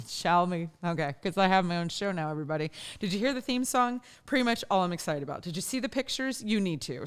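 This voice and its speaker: Louisiana lady hosting her podcast, chatty, pokes fun at herself, laughs a lot, clean smooth voice. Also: mid-range voice, a bit bright. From northern Louisiana. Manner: chatty and self-deprecating, laughs often. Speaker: podcast host. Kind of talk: casual monologue. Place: studio.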